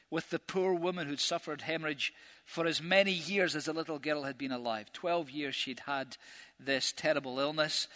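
Earnest preacher in echoing hall. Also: male voice, a little high, bright, forceful tone. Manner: earnest, vivid storytelling, emphatic. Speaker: preacher teaching a Bible course. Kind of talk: expository Bible talk. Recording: long reverb of a large hall.

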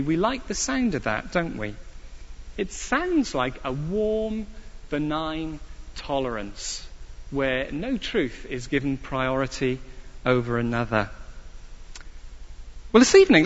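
A man preaching a sermon slowly and emphatically, asking his listeners rhetorical questions. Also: on the high side, fairly bright tone. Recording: dull sound with long hall reverb.

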